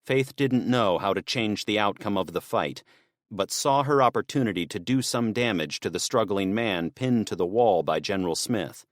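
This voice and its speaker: In a studio-quality recording with no room sound, a man narrates an audiobook script at a steady, measured pace, his voice on the low side.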